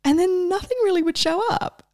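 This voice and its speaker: A middle-aged woman coach giving a casual, enthusiastic inspirational talk, animated and laughing often. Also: very high voice, a little fast, no echo, clean studio sound.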